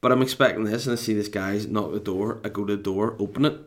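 A man's voice: fairly low pitch, fast. A man with a Scottish accent telling a rambling, sweary story at home with comic exasperation. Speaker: dad telling a story to camera. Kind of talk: casual rambling anecdote.

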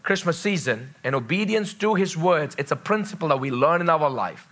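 A pastor preaches to his congregation, driving points home by repeating them and calling for responses. His voice sits high for a man and rings bright and forceful. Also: expressive, moderate pace. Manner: emphatic preaching with repeated phrases. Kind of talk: sermon.

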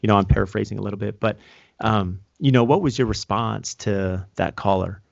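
A man hosting a podcast, asking long, halting interview questions full of fillers. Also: on the low side, creaky, no echo, muffled recording. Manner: halting, with many fillers and restarts. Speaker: podcast host.

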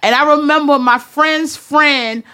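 A woman telling a comedic story in a profane, emphatic way, acting out her own yelling. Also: high-pitched, unhurried. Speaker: storyteller on a talk show.

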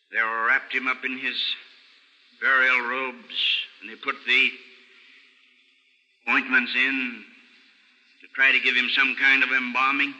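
An older man preaching a sermon, telling the story earnestly and dropping low and soft for sad passages, on an old radio recording. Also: dull audio. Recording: old radio broadcast recording with long hall reverb.

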